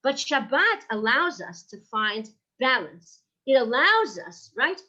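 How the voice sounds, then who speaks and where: A woman's voice: fairly high pitch, sing-song, slow, bright, forceful tone, highs cut off. A woman teaching a Jewish ethics class, engaging her listeners with rhetorical questions and "right?", and weaving Hebrew terms into her English. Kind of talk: lively lecture.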